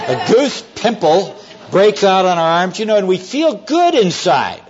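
A man preaching an evening sermon to a congregation, earnest and storytelling, often slowing down to stress key words. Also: high voice, very animated. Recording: dull lo-fi sermon recording.

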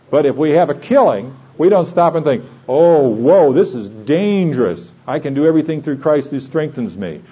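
Male preacher, husky voice, earnest conversational sermon, dull lo-fi sound. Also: mid-range voice.

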